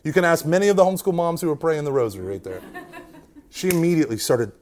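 A man in his thirties, a Catholic speaker, giving a joking, animated storytelling talk to an audience. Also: fairly high pitch, fast. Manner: animated, joking, self-deprecating.

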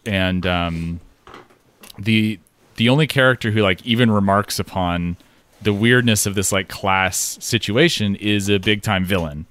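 Man, casual chat, rambling, profane, lowish voice. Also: a little slow, clean tone, dry recording. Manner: rambling, profane, animated with laughs.

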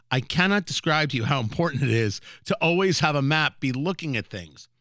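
A man hosting a comedic news commentary, sarcastic and animated, often repeating words mid-sentence. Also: medium pitch, dry recording, studio quality. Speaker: host.

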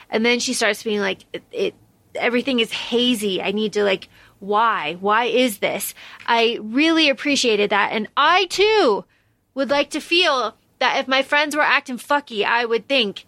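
A woman's voice: a little high, a little slow, a bit bright, no room sound. A woman co-hosting a podcast, chatting casually about a book, swearing freely and using lots of fillers. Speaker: podcast co-host.

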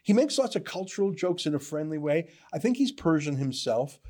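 A man's voice: a little high, very animated, fairly quick, mellow. A man delivering opinion commentary in an emphatic, sarcastic manner. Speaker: political commentator.

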